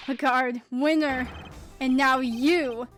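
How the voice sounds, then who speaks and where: A woman's voice: high-pitched, steady tone, slow, a bit bright, faint music behind. A smug gloating villain, as a woman reads him out. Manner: taunting, gloating. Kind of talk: reading game dialogue aloud.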